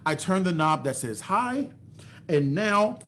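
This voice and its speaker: A man's voice: high voice, very animated, takes it slowly, very noisy. A man narrating a children's storytime in a sing-song way, asking the kids questions and praising them, into a large microphone. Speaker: children's storyteller and music teacher. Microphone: large microphone into a voice box.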